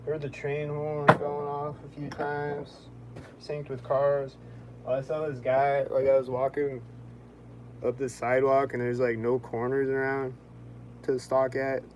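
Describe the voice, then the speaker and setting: A young man talking casually in a vlog, rambling and filling his speech with "like", quick to sound annoyed. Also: medium pitch, monotone, slight background noise, low-quality recording. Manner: rambling, heavy on "like", quick-tempered. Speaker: vlogger.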